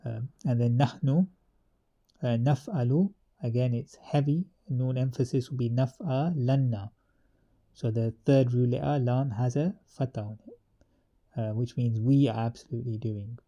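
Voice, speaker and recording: A man methodically explaining an Arabic grammar table to students, with pauses, fillers and restarts. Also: mid-range voice, warm tone. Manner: methodical, repetitive teaching.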